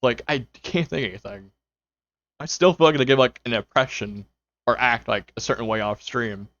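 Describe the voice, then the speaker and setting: A man's voice: mid-range voice, normal speed, a bit bright, no room sound. Rambling young man chatting on stream. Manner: rambling, with many fillers and quoted self-talk. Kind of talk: casual chat to stream viewers. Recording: dull lo-fi mic, faint music.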